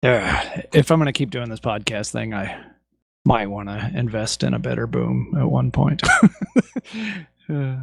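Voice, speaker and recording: A man co-hosting a podcast, chatting in an easygoing, halting way while setting up. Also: medium pitch, creaky. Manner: easygoing, hesitant. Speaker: podcast co-host. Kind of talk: casual pre-show chat.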